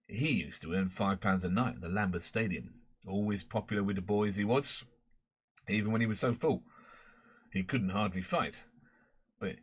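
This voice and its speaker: A man's voice: fairly low pitch, fairly bright tone. A man voicing a boastful, rambling middle-aged London pub owner and former crook with a Cockney accent.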